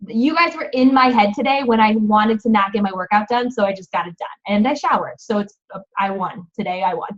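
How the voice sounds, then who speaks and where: A woman's voice: mid-range voice, fairly quick, a bit bright. A woman hosting a team coaching video call, chatty and encouraging, rambling a little as she talks. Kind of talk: upbeat team call talk. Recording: dull lo-fi video call audio.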